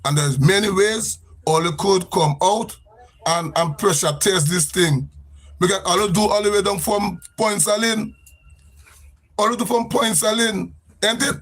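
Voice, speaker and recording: A man's voice: high voice, normal speed, fairly bright tone. A man with a Grenadian accent ranting on a live social media stream, emphatic and repetitive, sounding exasperated.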